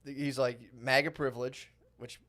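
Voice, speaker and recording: A man in his thirties tells a rambling story on a comedy podcast. He acts out every quote in the story and laughs often. His voice sits at an average pitch. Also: level tone, moderate pace, a bit bright. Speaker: podcast co-host. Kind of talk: casual comedy podcast chat.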